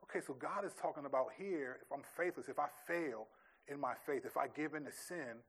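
A man's voice: medium pitch, moderate pace, fairly bright tone, breathy edge. A man speaking as a pastor in a church question-and-answer session, thinking aloud and often restarting his sentences.

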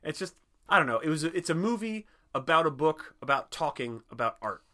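A man co-hosting a podcast in casual chat, animated and joking, swearing often and laughing a lot. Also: on the high side, a little fast. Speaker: podcast co-host.

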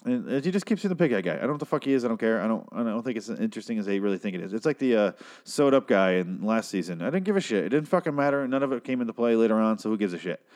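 A man giving a crude, sarcastic recap of a TV episode, tossing in quick asides. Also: lowish voice, lively intonation, a little mellow. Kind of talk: casual profane TV recap.

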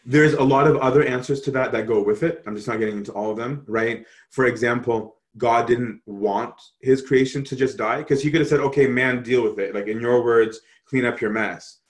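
Animated man teaching a Bible study. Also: mid-range voice, moderate pace, hardly any pauses. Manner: animated, keeps checking in with "right?". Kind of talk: answering questions in a Bible study.

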